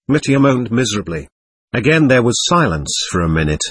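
Husky-voiced male audiobook narrator. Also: lowish voice, normal speed, no room sound. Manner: steady storytelling. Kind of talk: audiobook narration of a classic novel.

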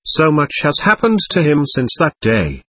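A man's voice: a little high, wildly swooping pitch, normal speed, a bit bright, no room sound, pitched above the performer's own voice, exaggerated voice. A man reading the part of an earnest young man who pleads emphatically and insistently. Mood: pleading.

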